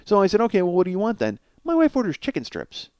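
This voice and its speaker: A man's voice: sits high, huge pitch swings, fast, darkish tone, clear, resonant tone, dry recording, muffled recording. A man hosting a comedy podcast, telling a rambling, profane, self-mocking story and laughing at his own jokes. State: cold sore on face. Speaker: podcast host. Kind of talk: comic storytelling monologue.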